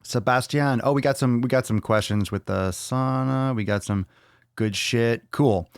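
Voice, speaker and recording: A man's voice: mid-range voice, measured pace, gravelly, clean tone, no echo, studio quality. A man hosting a live Q&A podcast, casual and playful, swearing freely and joking around as he answers questions. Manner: profane, playful, goofing with mock self-scolding. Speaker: podcast host.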